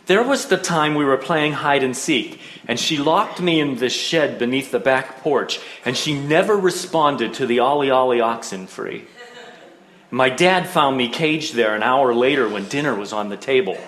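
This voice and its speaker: Middle-aged man, wry storyteller; lively delivery, roomy echo. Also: mid-range voice, moderate pace, hardly any pauses. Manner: wry, self-mocking humor. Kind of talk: personal storytelling.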